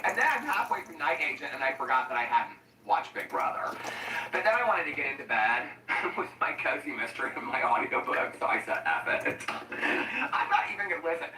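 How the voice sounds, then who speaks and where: A tired commentary YouTuber cooks in his kitchen while chatting in a rambling vlog, laughing a lot and drifting from story to story. His medium-pitched voice is a little fast, bright and forceful with big pitch swings. The mic is distant, the room echoes, and there's a slight hiss or hum.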